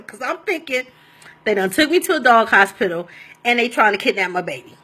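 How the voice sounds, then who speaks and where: A woman telling a personal story in a casual, animated and rambling way, often laughing as she goes. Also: on the high side, a little fast, breathy edge.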